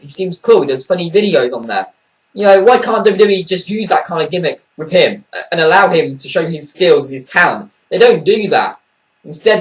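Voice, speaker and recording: A man with a slightly high voice delivers a casual, rambling review, blunt and dismissive, with frequent swearing and plenty of fillers. He sits a little back from the microphone, so his voice sounds somewhat distant. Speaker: wrestling show reviewer.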